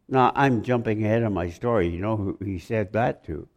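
A man's voice: lowish voice, normal speed, a little mellow. A man preaching a sermon, rambling, joking with the congregation and asking them questions.

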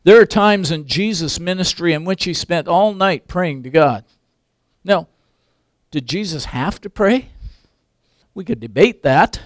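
Older male preacher, emphatic then hushed. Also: fairly high pitch, expressive, unhurried, dry recording, clean studio sound. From English background. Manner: swings from loud emphatic peaks to quiet asides. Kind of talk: sermon.

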